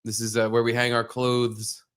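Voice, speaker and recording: A man co-hosting a comedy podcast from a bar, teasing his guests with mock-mean deadpan jokes. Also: mid-range voice, moderate pace. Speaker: co-host.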